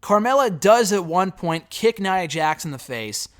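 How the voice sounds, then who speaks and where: A man's voice: high-pitched, very animated, measured pace. A man giving a casual spoken review of a reality show, blunt and sarcastic, swearing freely as he recaps.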